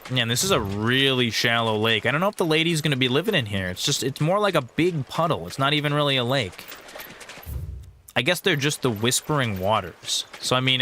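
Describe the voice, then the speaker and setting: A man streaming a video game, chatting in an excitable, jokey, rambling way as he plays. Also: mid-range voice, slight background noise. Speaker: gaming streamer host. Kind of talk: casual let's-play commentary. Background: game music.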